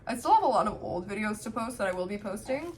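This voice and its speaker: A woman's voice: medium pitch, sing-song, fast, a crowd in the background. A young woman in her twenties talking candidly to camera at home as a family vlogger, reflective and loose, with plenty of "um" and "like". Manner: candid, reflective, many "um" and "like" fillers. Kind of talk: casual talk to camera. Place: home, with a baby in her arms. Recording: faint background noise.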